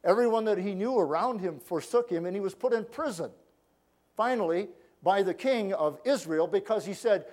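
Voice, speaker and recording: Male pastor, high voice, storytelling sermon that slips into the voices of the people in his stories. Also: lively intonation, a little fast. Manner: storytelling preacher, acts out quoted voices, drops to quiet asides.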